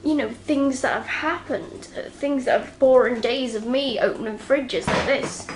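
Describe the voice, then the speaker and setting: A woman's voice: high voice, measured pace. A teenage girl rambles through a casual video diary. She sounds worn out after a night with little sleep, giggles often, and keeps restarting her sentences. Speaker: vlogger. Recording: noisy home ambience.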